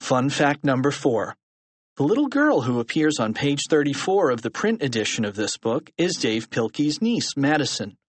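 Brief: male audiobook narrator, lively swooping delivery, dry close sound. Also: medium pitch, normal speed, no room sound. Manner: animated reading with lively character voices. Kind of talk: scripted narration.

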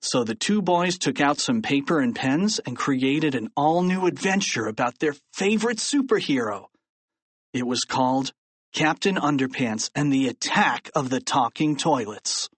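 Audiobook narrator reading a kids' story, super lively pitch, dry close sound. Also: a little slow, breathy edge, dry recording. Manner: animated, playful reading.

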